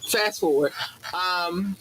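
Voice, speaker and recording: A man's voice: high voice, slow, noisy background. A man hosting a podcast, ranting in a loose, profane, preachy way like a mock sermon. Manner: profane, animated, preachy asides. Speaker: podcast host. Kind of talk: casual rant with mock sermon.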